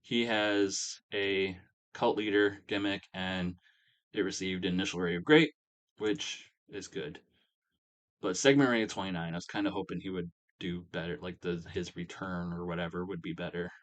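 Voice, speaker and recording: A man's voice: sits low, fairly even intonation, moderate pace. A man casually recapping a wrestling simulation game, rambling with many fillers. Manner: rambling, filler-heavy storytelling. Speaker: game commentator.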